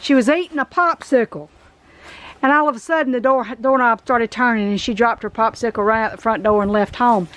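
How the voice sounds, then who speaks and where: Her voice a little high and fairly bright, a middle-aged Southern US woman briskly chats through her vlog, wandering an old abandoned house outdoors. She's folksy and emotional in this casual walkthrough.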